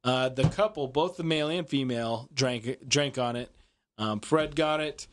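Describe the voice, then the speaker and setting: A man's voice: medium pitch, normal speed. A man co-hosting a podcast, telling a rambling, profane story in casual chat, with many restarts and fillers. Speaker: podcast co-host.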